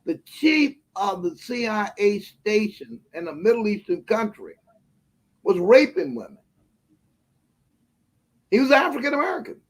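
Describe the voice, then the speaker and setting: A man's voice: high-pitched, very animated, unhurried, pauses often. A man speaking as a guest in a casual live-stream conversation, earnest and emphatic. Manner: earnest, emphatic, repeats affirmations.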